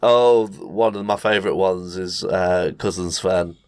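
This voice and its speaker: A man's voice: sits low, a little slow, clear, resonant tone, no echo. A middle-aged man co-hosting a casual podcast, laughing as he retells cartoon scenes and acts them out. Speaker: podcast co-host. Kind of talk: casual chat. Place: garage.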